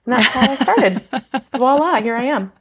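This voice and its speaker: A woman from Fargo with a Midwestern American accent, a casting director answering interview questions in a relaxed, self-deprecating way. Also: sits high, moderate pace, slightly rough. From Fargo, USA.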